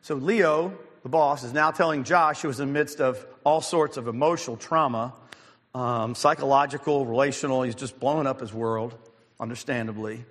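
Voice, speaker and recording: A man's voice: mid-range voice, normal speed, fairly bright tone. A male pastor delivers a storytelling sermon in a mid-range voice, with fillers and restarts. His words ring out with a long church reverb. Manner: storytelling, many fillers and restarts, occasional throat clearing.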